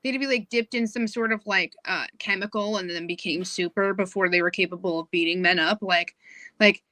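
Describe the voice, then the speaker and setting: Chat panel guest, lots of likes and pauses, bright sharp voice. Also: medium pitch, steady tone, no room sound. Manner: halting, filler-heavy.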